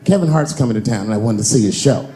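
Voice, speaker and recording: A man's voice: medium pitch, animated, quick pace, warm tone, reverberant, pitched below the performer's own voice, lightly acted. A man voicing his twelve-year-old son, begging and sly. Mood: pleading. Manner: begging, whiny. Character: young boy, pleading and sly.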